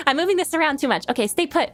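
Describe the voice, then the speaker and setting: A woman's voice: high-pitched, wildly swooping pitch, fast, soft background music. A young woman streamer chatting casually and reading out viewer questions, giggly and rambling, often laughing at herself. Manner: giggly, rambling, self-deprecating.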